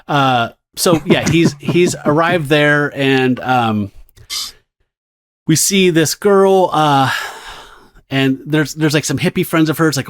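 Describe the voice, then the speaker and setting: A man co-hosting a comics podcast in a loose, rambling way, cursing now and then and drifting between thoughts. His voice sits at an ordinary middle pitch. He sounds unhurried and conversational. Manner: rambling, swears, reads comic dialogue in put-on voices. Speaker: podcast co-host. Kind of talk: casual podcast chat about comics.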